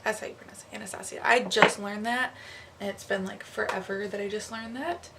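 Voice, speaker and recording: A woman's voice: mid-range voice, fairly even intonation, a little fast. A young woman talking through a makeup tutorial in a casual, chatty way, full of "um" and "like". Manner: chatty, casual, filler-heavy with "um" and "like". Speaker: makeup artist. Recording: slightly distant mic with faint noise.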